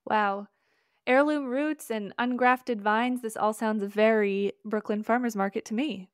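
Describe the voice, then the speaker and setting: A woman co-hosting a wine podcast, prompting the others with questions and quick quips. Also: a little high, fairly even intonation, clear, resonant tone, no echo, studio quality. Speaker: podcast co-host. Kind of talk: casual chat.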